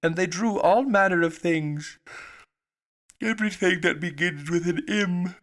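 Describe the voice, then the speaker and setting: Man playing a hoarse, feeble little dormouse, sulky and drowsy, storybook reading, pitched up. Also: a bit bright. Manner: drowsy, hurried then slow, sulky. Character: sleepy, indignant little male dormouse.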